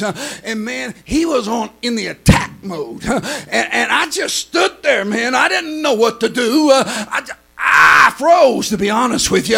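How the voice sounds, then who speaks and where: A male pastor with a high, creaky voice and a breathy edge delivers a fervent sermon, filling pauses with "uh." He swings between loud cries and hushed storytelling, and the recording is rough.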